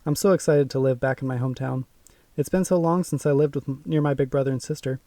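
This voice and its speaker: A man's voice: mid-range voice, fairly even intonation, quick pace, warm tone, dry recording, far from the mic, lightly acted. A man reading the lines of a cheerful, chatty mother saying good night.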